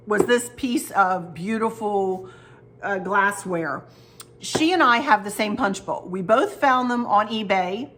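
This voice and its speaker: A woman's voice: mid-range voice, a bit bright, slight background noise. A woman home decor vlogger in casual chat at her kitchen table, telling stories and talking directly to her viewers. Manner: chatty, storytelling, talks to viewers directly. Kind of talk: casual chat showing gifts.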